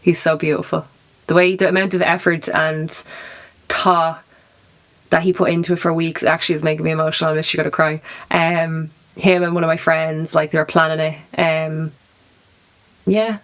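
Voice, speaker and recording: A young woman co-hosts a relaxed podcast. Her voice sits fairly low, and she talks in a chatty way with giggles and fillers like "um" and "like.". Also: moderate pace. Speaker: podcast co-host. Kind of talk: casual chat.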